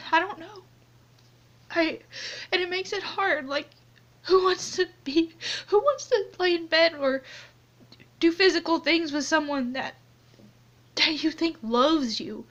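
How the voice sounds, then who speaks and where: A young woman talking tearfully into her phone in an anonymous confessional vlog, halting and trailing off as she goes. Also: high-pitched, a bit bright. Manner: halting, many restarts and trailing off. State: tearful, crying on and off. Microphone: phone camera close up, only a hand in frame. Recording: dull lo-fi phone audio.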